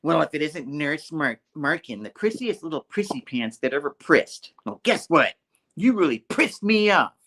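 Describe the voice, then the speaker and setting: A shrill, vicious old aunt, as a man puts her on while retelling a comic book. The voice jumps up high with mocking taunts, then turns small and remorseful. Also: sing-song, moderate pace. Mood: taunting.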